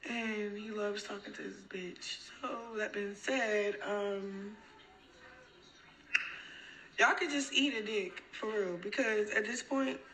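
A woman's voice: mid-range voice, steady tone, slow pace, sharp tone, poor audio. A woman on a livestream defiantly swearing at and taunting her viewers.

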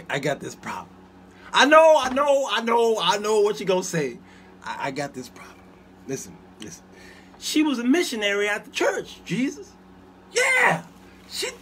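A man hosts his own show, spinning comic stories for the viewers in the chat. His voice sits high and swoops with lively pitch, and he breaks into laughter and asides often. A faint hiss runs under the talk. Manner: animated, laughs often, talks back to viewers. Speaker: show host. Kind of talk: comedic storytelling to a live chat.

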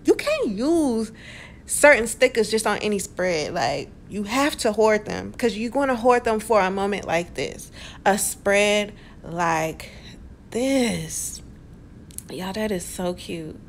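A woman's voice: medium pitch, expressive, slow pace, slight background noise. A woman vlogger chatting in a casual voice-over, playful and rambling, talking straight to her viewers with self-amused asides. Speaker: planner vlogger.

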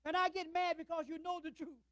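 Older man preaching, high and dry, rhetorical call-outs, loud then hushed. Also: flat delivery, quick pace, no echo, poor audio. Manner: swings between loud declarations and low, quiet asides. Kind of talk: sermon.

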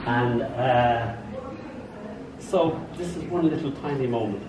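An older man reads his poems at a live event, his fairly high voice rising and falling with lively expression. He tells stories and drops chatty asides between the poems. He is heard from some way off in a roomy, echoing space, with steady ambient noise behind him. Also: takes it slowly, far from the mic. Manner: expressive, storytelling delivery with asides to the audience. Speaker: poet. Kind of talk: live poetry reading.

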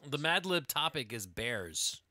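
A man's voice: medium pitch, sing-song, unhurried, sharp tone. A man hosting a casual gaming livestream, rambling through a goofy story with laughs. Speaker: livestream host. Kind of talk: casual gaming stream chat.

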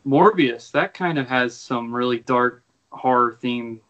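A man's voice: mid-range voice, unhurried, fairly bright tone, muffled recording, slight background noise. A man co-hosting a casual film podcast over a video call, offhand and blunt in his opinions. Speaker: podcast co-host.

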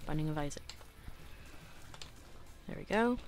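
A young adult woman hosting a casual let's-play, chatty and self-critical, clearing her throat often and breaking into excited outbursts. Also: sits low, measured pace. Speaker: gaming channel host.

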